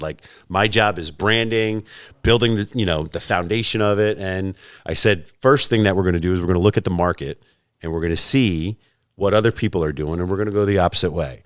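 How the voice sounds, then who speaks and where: Brief: deep, dry-sounding man in his forties, profane storyteller, podcast guest. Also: brisk, dry recording. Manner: profane, storytelling, acts out both sides of conversations. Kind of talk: casual podcast chat.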